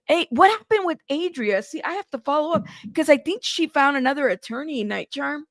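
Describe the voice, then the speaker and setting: A woman's voice: high-pitched, lively intonation, a little fast, no room sound, studio quality. A woman hosting a news livestream in casual chat, talking straight to her viewers and laughing at herself.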